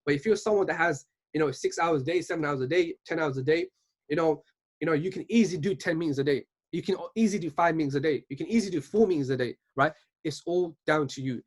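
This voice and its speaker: A young man in his twenties delivers a motivational talk, pitched a bit high and pouring the words out quickly. He speaks earnestly and keeps tagging his points with a questioning "right?". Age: 20s. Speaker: speaker at a virtual business event.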